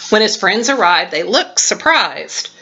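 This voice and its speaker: An older woman at home reading a children's storybook aloud to her grandchild, warm and expressive, recorded on a webcam. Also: medium pitch, measured pace, lo-fi sound, slight background noise.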